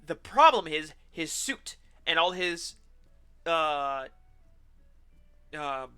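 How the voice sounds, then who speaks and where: A streamer man with a high voice and a piercing, very bright tone. He rants sarcastically and with animation while playing a game, swearing freely. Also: expressive, drawn-out words, clear, resonant tone, faint music behind. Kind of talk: ranting commentary while gaming.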